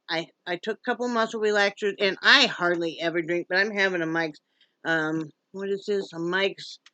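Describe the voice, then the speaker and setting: A woman's voice: medium pitch, bright, forceful tone, no room sound. Chatty woman from Wyoming, dry close sound. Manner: chatty, drawn-out folksy talk mixed with coaxing baby talk to her dog. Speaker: vlogger, pet rescuer. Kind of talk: casual home vlog.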